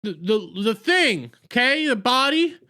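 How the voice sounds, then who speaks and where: A man giving an exasperated, sarcastic review, retelling scenes with loud outbursts and put-on quotes. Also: extremely high pitch, very animated, unhurried. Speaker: video reviewer. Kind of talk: ranting video review.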